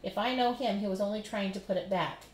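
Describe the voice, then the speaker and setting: A woman's voice: medium pitch, close to an everyday voice. A woman voicing a protective mother who speaks up firmly for her son, recorded in a roomy space. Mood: kind. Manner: quick, indignant defense of her son.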